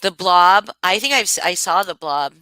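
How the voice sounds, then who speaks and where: A livestream host chats loosely with her live audience, answering viewers while thinking aloud, rambling, restarting often and going off on asides. Her lowish, bright voice is smooth and crisp, with lively intonation at a normal speed, recorded dry and close.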